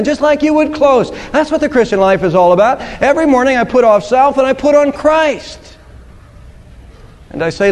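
A man's voice: extremely high pitch, expressive, a little fast. A man preaching a sermon in an earnest way, quoting scripture and telling a story to a congregation. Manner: earnest, storytelling with quoted voices. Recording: long hall reverb.

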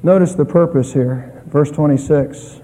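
A middle-aged man preaching a sermon as a pastor, earnest, swinging between loud and soft. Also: a little high, unhurried. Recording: echoey hall with long reverb.

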